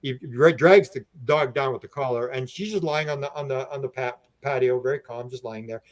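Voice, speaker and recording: Male podcast guest, mid-pitched, lively storyteller who stumbles and repeats himself. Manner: animated, acts out quoted speech with raised voice; halting, frequent restarts and repeated words. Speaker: podcast guest, UFO researcher. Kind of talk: casual storytelling.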